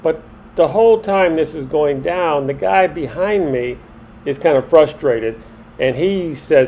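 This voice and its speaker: Middle-aged male vlogger, slightly high voice, indignant rant, hammers points home by repeating them. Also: unhurried, a little mellow, lo-fi sound, a little hiss or hum. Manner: indignant, ranting, repeats himself for emphasis. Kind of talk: monologue to camera.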